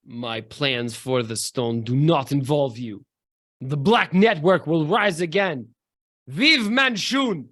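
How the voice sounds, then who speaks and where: A man voicing a scheming gangster lord, speaking formally in a put-on deeper register with a fake fantasy Russian accent. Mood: menacing. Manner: formal, stiff speech in a deliberately deeper register. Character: scheming male gangster lord, menacing and haughty.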